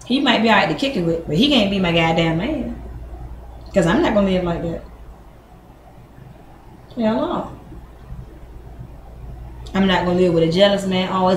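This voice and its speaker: A woman's voice: lowish voice, moderate pace, pauses often. A woman speaks, giving her niece frank advice. She is blunt and swears freely, acting out both sides of arguments. Her voice rings in an echoey room over a faint background hum. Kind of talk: casual advice talk.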